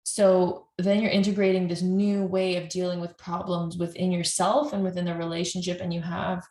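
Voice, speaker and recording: A woman with a somewhat low voice talks as a couples therapist, explaining things earnestly and at length. She often restarts her sentences as she goes. The room around her gives her voice a noticeable echo. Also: level tone, normal speed, mellow. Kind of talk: explanatory talk to camera.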